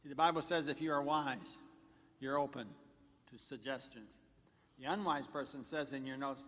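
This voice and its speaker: A pastor preaches to his congregation in a mid-pitched male voice. He counts off numbered points and slips in jokes as he goes. His words ring with a long reverb through the church. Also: normal speed, fairly bright tone. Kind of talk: sermon. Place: church sanctuary.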